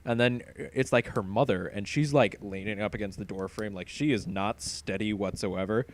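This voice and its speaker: A man's voice: on the low side, normal speed, a little hiss or hum. A man hosting a podcast, telling a long story in casual chat. He laughs often and swears freely. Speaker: podcast host.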